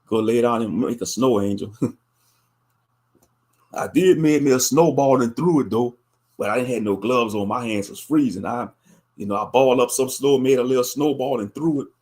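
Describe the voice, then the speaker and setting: A man's voice: mid-range voice, normal speed, long pauses, a little mellow. Easygoing man chatting on a livestream. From Louisiana. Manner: easygoing, chatty and rambling, laughs often. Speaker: livestream host. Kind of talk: casual live-stream chat.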